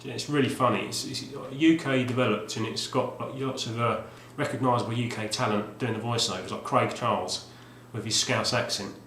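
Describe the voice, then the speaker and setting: A man's voice: mid-range voice, steady tone, moderate pace, hardly any pauses, a bit bright. Rambling man in an echoey room. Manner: rambling, with many fillers and restarts. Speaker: retro game collector vlogger. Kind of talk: casual video talk. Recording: roomy echo, faint background hum.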